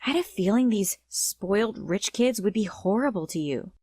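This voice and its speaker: A woman voicing a young protective big sister who plans revenge, in a firm, plotting manner, for an animated story. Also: medium pitch, normal speed, faint music behind, natural voice. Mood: determined.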